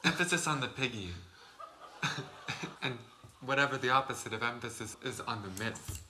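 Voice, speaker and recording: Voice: medium pitch, moderate pace, pushed and bright, a little hiss or hum, close to an everyday voice. A drag performer playing a catty blue alien sister in a campy comedy sketch, trading sing-song gossip.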